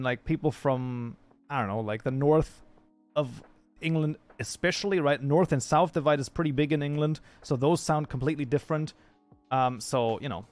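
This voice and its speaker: A man's voice: fairly high pitch, dry recording. Casual male livestream host at a desk mic, talkative and off-the-cuff, faint music behind. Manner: rambling, chatty, thinks aloud with fillers and restarts. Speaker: streamer reading chat. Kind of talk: casual livestream chat while modding a game.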